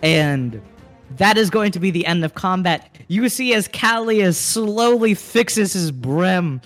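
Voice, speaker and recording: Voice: mid-range voice, animated, takes it slowly, fairly bright tone, faint music behind. A game master narrating a tabletop game with playful, laughing storytelling.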